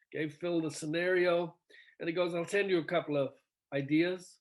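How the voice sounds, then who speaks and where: Lively, storytelling male rock singer. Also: a little high, normal speed. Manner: animated storyteller, acts out quoted dialogue, laughs often. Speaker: singer, interview guest. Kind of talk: casual storytelling interview.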